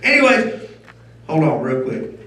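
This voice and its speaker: Stand-up comic, middle-aged man, high and lively delivery with shouted punchlines; far-off stage mic in a very echoey room. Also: a little slow. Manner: loud, animated, punchy jokes with shouted bursts. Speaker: stand-up comedian. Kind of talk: stand-up comedy set. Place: comedy venue stage before a live audience.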